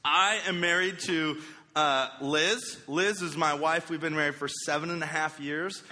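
A man's voice: on the high side, steady tone, a little slow, bright, forceful tone. A man in his thirties telling a goofy, self-deprecating story as a youth pastor, in a church hall. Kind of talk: storytelling sermon. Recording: echoey hall.

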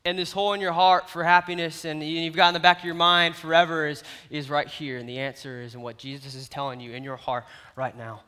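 A man delivers a sermon in a high, bright voice, telling stories with animated swings between loud and soft. His voice carries the long reverb of a large hall. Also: brisk, hardly any pauses, clear, resonant tone. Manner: animated storytelling with big swings in loudness. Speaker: youth pastor.

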